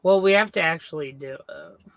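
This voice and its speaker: A woman's voice: sits low, dry recording. A woman co-hosting a casual horror movie livestream, talking bluntly with plenty of swearing. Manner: blunt, profane, slow drawl. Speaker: podcast co-host.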